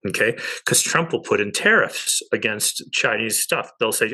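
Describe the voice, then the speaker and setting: A man's voice: mid-range voice, normal speed, sharp tone. Emphatic man explaining money. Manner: emphatic, with frequent "okay?" check-ins. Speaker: interview guest. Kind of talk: animated explanatory talk.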